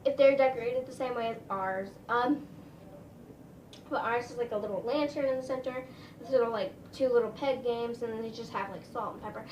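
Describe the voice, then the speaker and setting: A woman's voice: fairly high pitch, far from the mic. A woman telling a story in a casual, rambling way, full of "like" and "um". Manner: chatty, rambling, lots of "like" and "um". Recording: roomy, a little off-mic, faint room noise.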